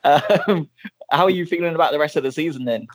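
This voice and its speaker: A man's voice: fairly high pitch, a little fast, no room sound. A man hosting a casual podcast, chatty with lots of fillers and laughter. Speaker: podcast host.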